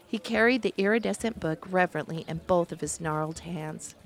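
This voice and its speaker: A woman narrating a fantasy storybook in a measured, descriptive manner. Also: fairly low pitch.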